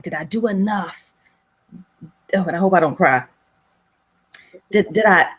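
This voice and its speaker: A woman's voice: medium pitch, husky. A woman guest telling a personal family story with earnest, faith-filled feeling in an interview.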